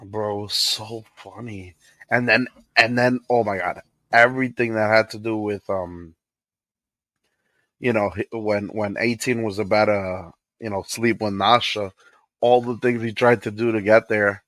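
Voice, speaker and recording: A man co-hosting a podcast, chatting casually about a movie he just saw and retelling scenes with excitement. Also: fairly low pitch, a little slow, no echo, poor audio. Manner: excitable, retells scenes with acted quotes and laughter. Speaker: podcast co-host. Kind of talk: casual movie review chat.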